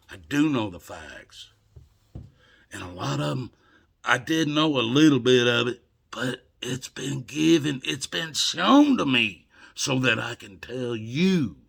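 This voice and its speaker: An older man delivering an emotional, scolding monologue to camera, swinging between loud outbursts and hushed murmurs. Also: mid-range voice, gravelly, slightly rough. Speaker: video blogger.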